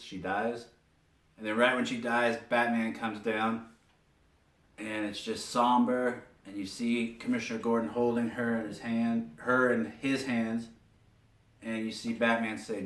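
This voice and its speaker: A man giving a casual spoken recap of a cartoon episode, telling it as an animated story with lots of filler words. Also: mid-range voice. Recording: roomy echo, distant from mic.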